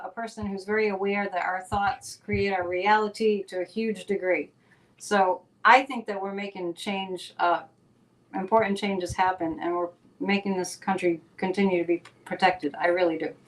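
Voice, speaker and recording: A woman's voice: mid-range voice, fairly bright tone. A woman hosting a talk show as a psychic, chatting casually and running through announcements in an upbeat, rambling way. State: a bit out of breath.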